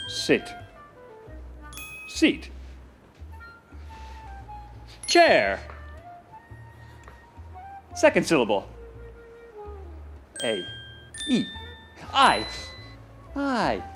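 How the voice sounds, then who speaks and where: An actor playing a bumbling, easily confused police detective in a sitcom, over the top. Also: male voice, mid-range voice, a bit bright, heavily acted. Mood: guessing charades. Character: bumbling London police detective, middle-aged man. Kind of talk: scripted sitcom acting.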